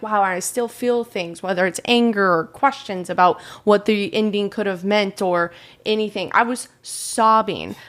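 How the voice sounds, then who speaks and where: A young woman co-hosting a podcast in casual chat, animated and teasing. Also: medium pitch. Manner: animated, teasing, talks over her co-host. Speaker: podcast co-host.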